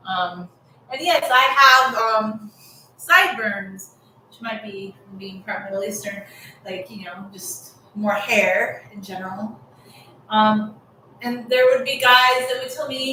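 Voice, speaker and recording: A woman's voice: mid-range voice, bright, forceful tone, a little hiss or hum. A woman with a Californian accent talking frankly and rambling, with many "like"s, in a casual vlog about her long hair. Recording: echoey room, mic at a distance.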